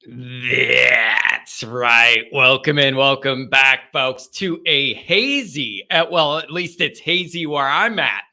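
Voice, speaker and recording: A man's voice: a little high, animated, a little slow, hardly any pauses, bright, forceful tone. A man hosting a fan call-in radio show, talking casually and emphatically to his listeners with joking asides. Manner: emphatic, fired up about his team. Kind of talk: casual morning show monologue.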